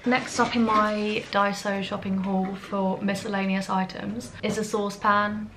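A woman's voice: mid-range voice, flat delivery, unhurried, noisy background. A young British woman from England telling stories to camera in a casual vlog, chatty and self-deprecating, recorded in her apartment on a compact camera mic. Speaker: vlogger.

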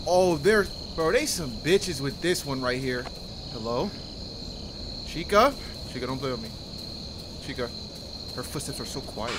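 A man commentating a horror game for his channel, excitable, often yelling and swearing in panic. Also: mid-range voice, normal speed, background noise. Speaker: gaming YouTuber. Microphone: headset or desk mic, no face cam. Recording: music playing behind.

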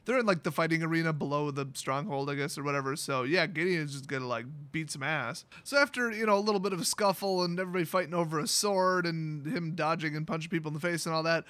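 A man with a high, bright, sharp voice casually recaps a fantasy story for his channel. He rambles with plenty of fillers and throws in sarcastic, irreverent jokes as he goes. The sound is close and dry. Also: fast talker, hardly any pauses, dry recording. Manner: loose, rambling delivery with many fillers. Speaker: YouTube host recapping a story.

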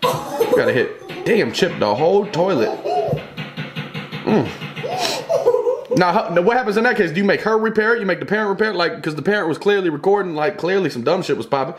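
A man's voice: high voice, animated, a little fast, pauses often, faint music behind. A young man giving casual reaction commentary on funny clips, swearing and joking in heavy slang. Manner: profane, exclaiming, joking slang-heavy banter.

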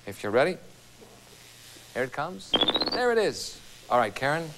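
A man's voice: a little high, big pitch swings, unhurried. A man hosting a TV game show, upbeat and joking as he keeps the game moving. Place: TV studio with live audience. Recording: 1980s TV broadcast with loud audience and hiss.

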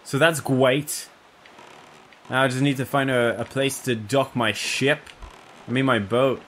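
A man's voice: mid-range voice, steady tone, unhurried, slight background noise. A man giving casual, profane let's play commentary, joking and talking to himself as he plays. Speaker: gameplay commentator. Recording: game music loud behind.

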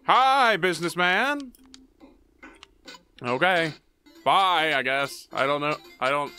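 A man's voice: a little high, measured pace, pushed and bright, faint music behind. A young man giving goofy, jumpy commentary while playing a horror game, muttering to himself and then yelping. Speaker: gaming YouTuber.

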